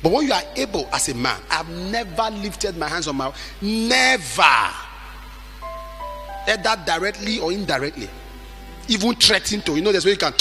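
A middle-aged man preaching a sermon with emphatic delivery, at times shouting and acting out the people he quotes. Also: high-pitched, lively intonation, moderate pace, faint music behind.

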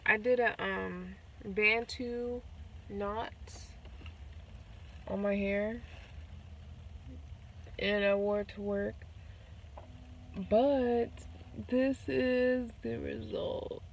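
A woman's voice: medium pitch, fairly even intonation, extremely slow, long pauses, far from the mic. A tipsy woman chatting in a rambling way in a casual vlog. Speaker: vlogger. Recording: noisy background.

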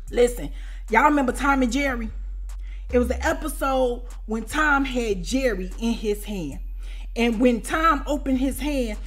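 A woman in her forties tells a storytime tale in a loose, chatty way. Her voice sits a little high, and she keeps checking in with her listeners through constant asides and plenty of slang. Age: 40s. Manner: animated, repeats "you know what I'm saying". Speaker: storyteller vlogger. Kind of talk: casual storytime.

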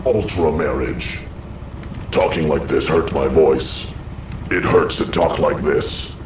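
An actor playing a strange man in a video game who speaks in a strained, gravelly low voice about marriage. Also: slow pace. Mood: solemn. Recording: distant echoey game audio with noise.

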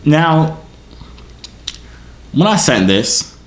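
A man's voice: a little high, big pitch swings, extremely slow. A young man YouTuber telling a comic story to his viewers, self-mocking and slangy, breaking things down as he goes.

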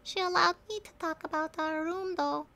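A woman voicing a young boy reading out his sad letter, in a high, soft child voice. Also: fairly even intonation, moderate pace, creaky, full character voice. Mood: wistful.

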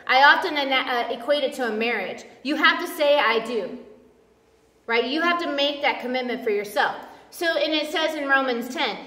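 A woman giving a casual, chatty sermon as a preacher, animated and self-deprecating, acting out quoted voices as she goes. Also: high-pitched. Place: church sanctuary. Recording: echoey church hall from far off.

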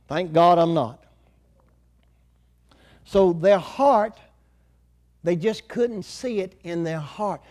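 Older preacher, high-pitched and folksy. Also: male voice, darkish tone. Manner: folksy, conversational preaching with rural grammar. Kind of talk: sermon.

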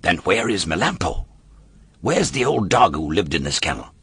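A man voicing a sly, greedy male polecat who bargains in a low, coaxing voice. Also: sing-song, normal speed, fairly bright tone, breathy edge, no room sound, full character voice.

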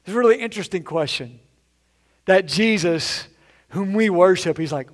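A man's voice: high-pitched, lively intonation, moderate pace. A man preaching a conversational sermon in a church, acting out the voices of the people he quotes. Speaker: pastor. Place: church sanctuary.

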